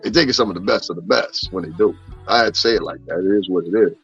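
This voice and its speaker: A man's voice: deep voice, fast talker, a bit bright, husky. A man hosting a casual gossip livestream, joking, swearing and talking straight to his chat. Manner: profane, joking, talks to chat. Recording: slightly dull, faint music behind.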